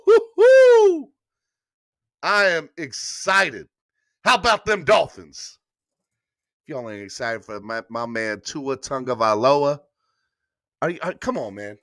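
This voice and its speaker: A man hosting a morning sports podcast, talking loud and pumped up and repeating lines for emphasis. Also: mid-range voice, big pitch swings, unhurried, dry recording, studio quality. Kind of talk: hyped-up morning sports show chat.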